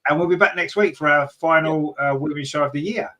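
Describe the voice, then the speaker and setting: A man hosting a fan podcast in casual, rambling chat, reading out viewer comments with many fillers and sudden excited jumps in pitch. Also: fairly quick, crowd noise. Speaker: podcast host.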